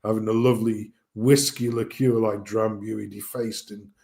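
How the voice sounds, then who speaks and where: A man co-hosting a stream, telling a pub anecdote in a casual, animated way with frequent swearing and laughter. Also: fairly low pitch, moderate pace, gravelly. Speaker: stream co-host. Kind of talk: casual storytelling.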